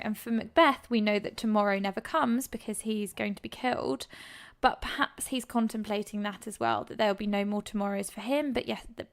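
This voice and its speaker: A woman's voice: medium pitch, creaky. Chatty woman teaching English literature. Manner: chatty, enthusiastic, with frequent ums. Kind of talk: exam revision lesson.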